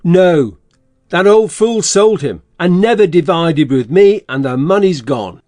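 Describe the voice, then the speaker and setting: An actor playing a scheming, bossy swindler in an audiobook, blustering and threatening. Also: male voice, sits high, animated, a little slow, darkish tone, dry recording, faint music behind. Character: scheming middle-aged male swindler, gruff and bossy. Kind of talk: audiobook character reading.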